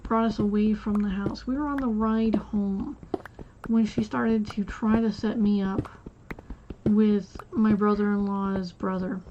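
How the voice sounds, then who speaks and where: A woman's voice: medium pitch, fairly even intonation, unhurried. A woman streamer telling a rambling personal story in casual chat, acting out the quotes of each person in it. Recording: dull lo-fi sound with faint noise.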